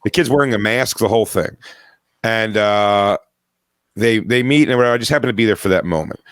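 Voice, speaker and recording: A man's voice: lowish voice, normal speed, smooth, no echo, studio quality. A man hosting a podcast, chatting casually and wryly, telling a rambling story. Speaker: podcast host. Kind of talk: casual chat.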